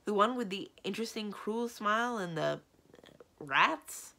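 A woman reading aloud and voicing a lovestruck, excitable male magician who speaks in doting exclamations. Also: medium pitch, a little slow, vocal fry, pitched above the performer's own voice, exaggerated voice.

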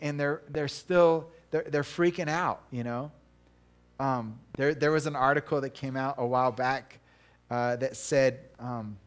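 Middle-aged male pastor, casual sermon delivery, chatty and self-deprecating, mid-pitched voice. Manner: chatty, self-deprecating, many restarts and laughs.

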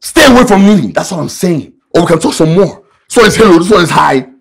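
An actor playing an aggressive, shouting man confronting a neighbor in a film drama. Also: high-pitched, big pitch swings, quick pace, vocal fry, slightly rough, full character voice. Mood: furious.

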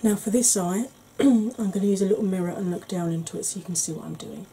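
Soft-spoken woman doing makeup. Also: medium pitch, fast talker, slight background noise, low-quality recording. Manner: soft, chatty explaining with frequent throat clearing. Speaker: beauty vlogger. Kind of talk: ASMR makeup tutorial.

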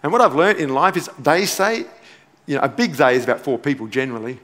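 A pastor preaching a sermon in a church auditorium, emphatic and repeating key phrases, with playful asides. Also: male voice, mid-range voice, very animated, rapid-fire, a bit bright. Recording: long church hall reverb.

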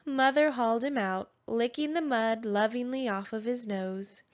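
A woman reading a children's picture book aloud with gentle, measured storytelling. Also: fairly high pitch. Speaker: storybook narrator. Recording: dull lo-fi sound.

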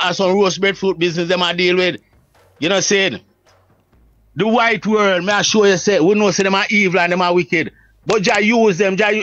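A Jamaican man with a high voice gives a forceful, preacherly account. His speech sounds dry and close, with no room echo. The recording is somewhat dull and muffled. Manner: emphatic, preacherly, often asks "you see what I say?". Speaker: Rastafari priest, guest. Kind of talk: religious reasoning, casual talk.

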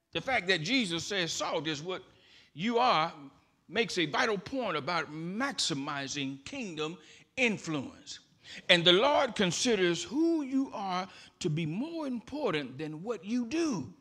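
A male pastor delivering a sermon with a high, very bright voice. He speaks slowly and deliberately, with wide pitch swings. His delivery rises from hushed phrases to shouted emphasis. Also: very animated. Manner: builds to shouted emphatic preaching. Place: church.

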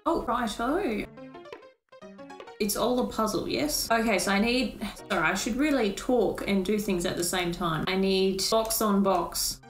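A woman's voice: mid-range voice, unhurried, faint music behind. An Australian woman chatting playfully and mocking herself while playing a video game. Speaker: let's play gamer. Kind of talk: casual gameplay commentary. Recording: roomy echo.

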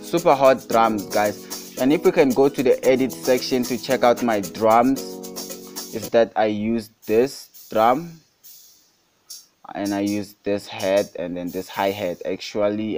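A young adult South African host talks slowly in a low, darkish voice over soft background music, the beat playing underneath his casual screen-recorded beat-making tutorial. He keeps calling things super hot and saying guys.

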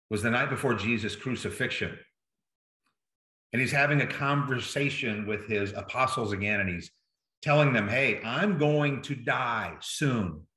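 A male pastor preaching a sermon in a bright, forceful voice, talking conversationally and checking in with his listeners as he goes. He is recorded in an echoey room. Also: medium pitch. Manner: conversational, checks in with "right?" and "okay?".

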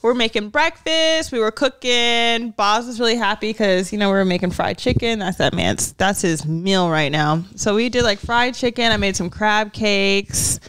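A woman's voice: medium pitch, moderate pace, hardly any pauses, a bit bright, clean tone, dry recording. A woman co-hosting a podcast, telling a story casually and animatedly, acting out what people said and often laughing. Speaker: podcast co-host. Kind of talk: casual chat.

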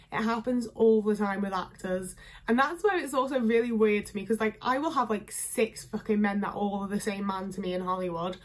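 A young woman with a northern English accent chatting casually to camera, full of filler words. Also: mid-range voice. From England. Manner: chatty, lots of fillers, candid. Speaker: vlogger. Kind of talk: casual talking-head chat.

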